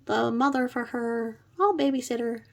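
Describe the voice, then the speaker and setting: Brief: a sugary, fake-sweet babysitter woman, high and chirpy, played by a woman with a gravelly voice. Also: fairly even intonation, normal speed. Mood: sugary eager. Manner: sweet, eager, fake-friendly.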